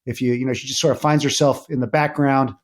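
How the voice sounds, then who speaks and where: A middle-aged man, a podcast guest, telling family anecdotes in a casual interview, animated and full of fillers. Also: fast talker. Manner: animated anecdotes with many fillers, rising pitch when excited.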